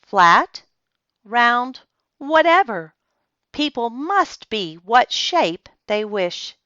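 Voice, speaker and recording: A woman's voice: fairly high pitch, sing-song, very slow, bright, forceful tone, dry recording, dull audio, voice pushed up, full character voice. A woman doing a genteel, kindly older hostess. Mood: welcoming. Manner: genteel, welcoming.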